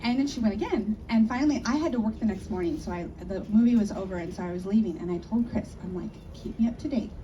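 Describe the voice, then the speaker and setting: A woman's voice: medium pitch, quick pace, few pauses, mellow, highs cut off. A middle-aged woman, a family friend, telling a chatty story in a memorial speech, recorded from a distance. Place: memorial gathering. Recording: distant mic, faint background noise.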